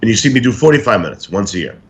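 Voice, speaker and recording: A stand-up comedian guest telling showbiz stories in a casual interview, animated and acting things out as he talks. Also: lowish voice, very fast. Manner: animated, acts out stories and quotes.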